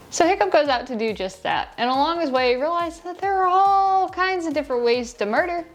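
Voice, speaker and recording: A woman's voice: high voice, expressive, a little fast, hardly any pauses, faint music behind. Sarcastic rambling woman movie reviewer. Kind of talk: casual video review. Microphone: lapel mic in shirt.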